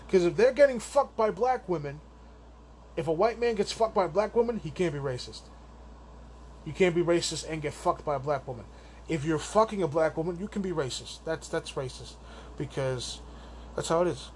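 A man's voice: fairly high pitch, moderate pace, slight background noise. A man hosting a solo podcast, venting in a crude, rambling, profane rant, an amateur stand-up comic. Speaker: podcast host.

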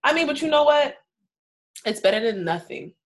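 A young woman co-hosting a podcast in casual chat, animated and joking with slangy phrasing. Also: high-pitched, normal speed. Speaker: podcast co-host.

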